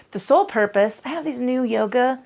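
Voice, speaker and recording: A woman's voice: fairly high pitch, brisk, vocal fry, darkish tone. A woman leading a casual yoga class, irreverent and profane, chatty and full of self-corrections. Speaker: yoga instructor. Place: home yoga space on a mat.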